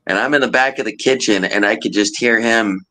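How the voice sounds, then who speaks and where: A man in casual group conversation, telling an animated anecdote and laughing often. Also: lowish voice, fairly quick, poor audio. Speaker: storyteller in a group chat. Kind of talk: casual chat.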